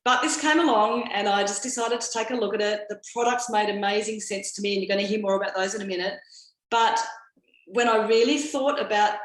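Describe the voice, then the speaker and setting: An Australian woman in her fifties, hosting an event and giving an upbeat motivational talk straight to her audience. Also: medium pitch. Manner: upbeat, addresses the audience directly. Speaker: event host. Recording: roomy, echoey sound.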